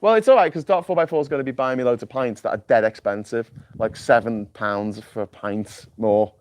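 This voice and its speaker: A man's voice: medium pitch, brisk, darkish tone, no room sound. A man hosting a livestream in a casual, jokey, rambling chat, often repeating words as he starts sentences. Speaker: livestream host. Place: island home without mains power.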